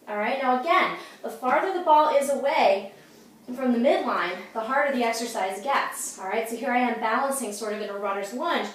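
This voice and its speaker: A woman's voice: fairly high pitch, moderate pace, a little hiss or hum. A woman fitness instructor at home demonstrating exercises, upbeat and coaching, out of breath. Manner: upbeat, coaching, says "okay?" and "you guys" often. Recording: echoey room from far off.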